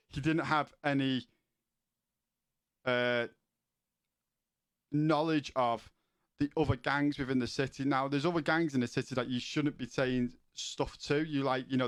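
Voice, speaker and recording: A man's voice: medium pitch, steady tone, unhurried, long pauses, clean tone, dry recording, clean studio sound. A man streaming, chatting casually with viewers in a rambling way, with many restarts and questions to chat.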